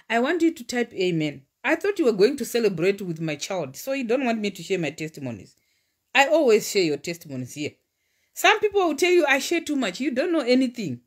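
Female preacher, 40s; fervent, declarative, pitch swings widely. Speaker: preacher and relationship coach. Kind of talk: livestream sermon with personal testimony.

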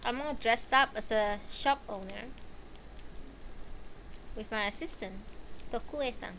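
Slow, chatty woman reading aloud. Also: fairly high pitch, background noise. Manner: relaxed, chatty and rambling, with frequent fillers and asides. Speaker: live-streamer reading a book aloud. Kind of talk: book reading and casual chat.

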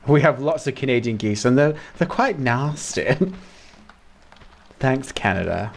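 A British man live-streaming a video game, talking to his chat in a loose, chatty way and laughing often. His voice is middling in pitch but swings up and down a lot. He jumps from greeting viewers to commenting on his own play. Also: very animated, takes it slowly, creaky. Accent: British English. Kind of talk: casual live-stream chat while playing.

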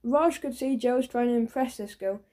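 A woman narrating a children's audiobook with lively storytelling. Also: a little high, moderate pace.

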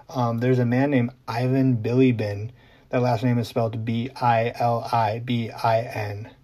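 Speaking directly to camera, a male journalist hosts his own explainer vlog. His mellow, warm voice sits at an ordinary middle pitch, and he stays chatty, dropping in ums and small asides.

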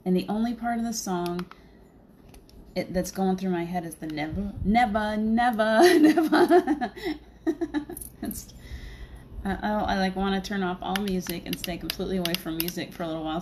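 A woman's voice: on the low side, darkish tone, slight background noise. Chatty, laughing woman streaming live. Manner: chatty, laughing often, rambling. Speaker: spiritual medium, livestream host. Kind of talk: casual livestream chat.

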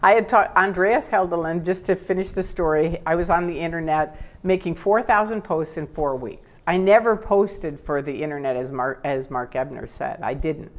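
An older woman with a low voice speaks at a normal pace, barely pausing, as an interview guest. She tells her personal story with feeling, animated and at times tearful, acting out what others said.

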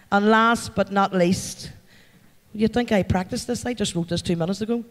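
High-voiced Northern Irish man in a hall. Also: level tone, normal speed. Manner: heartfelt, chatty, thanks the crowd by name. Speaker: award recipient addressing a company event. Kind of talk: acceptance speech to a live audience. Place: large event hall. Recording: long hall reverb.

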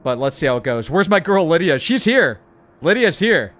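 A man's voice: fairly high pitch, faint music behind. A man hurriedly commenting on a live racing game stream and chatting with his viewers. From United States. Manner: hurried, excitable, chats with viewers.

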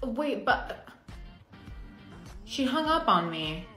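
A woman's voice: fairly high pitch, very animated, drawn-out words, sharp tone, faint music behind. A young woman acting out comedic POV skits with exaggerated, dramatic reactions. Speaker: skit creator.

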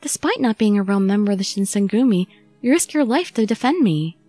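A woman voicing an earnest young heroine who pleads in a high, urgent voice. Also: lively intonation, fairly quick, mellow, dry recording, soft background music, lightly acted.

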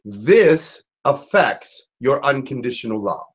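A man's voice: medium pitch, sing-song, slow pace, breathy edge, exaggerated voice, poor audio. A man voicing a solemn prophet spirit in a channeled message, speaking in an earnest, admonishing way.

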